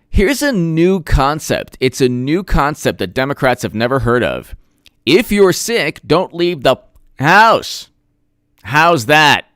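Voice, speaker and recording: A man's voice: a little high, sing-song, slow, fairly bright tone, dry recording. A man doing sarcastic live-stream commentary, reading chat and mocking people with put-on voices. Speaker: political commentator.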